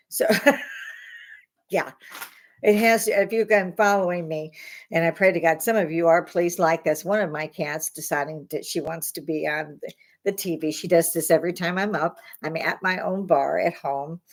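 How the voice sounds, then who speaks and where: A woman hosting a casual livestream from her home bar, talking bluntly and swearing as she rants. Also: on the low side. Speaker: livestream host. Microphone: webcam.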